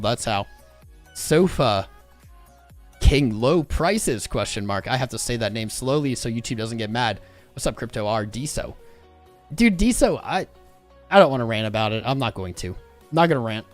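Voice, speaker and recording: Guy hosting a crypto livestream, chill jokey shout-outs, speeds up and gets loud then drops off, faint music underneath. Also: mid-range voice. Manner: loose, jokey, quick shout-outs with sudden shifts in pace and loudness. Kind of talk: casual live-stream chat reading out viewer names.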